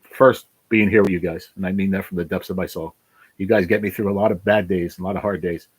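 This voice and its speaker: A man's voice: deep voice, fairly even intonation, fast, slightly rough. A middle-aged man hosting a casual livestream chat, blunt and emotional, swearing freely and wandering off on tangents. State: fighting back tears. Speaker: channel host.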